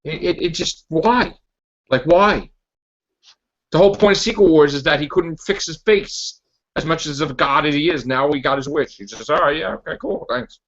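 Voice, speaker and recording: Casual ranting man, podcast host, stumbling restarts, higher voice, muffled lo-fi audio. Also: normal speed. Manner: animated, laughing, stumbling restarts. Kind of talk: casual comic-book rant.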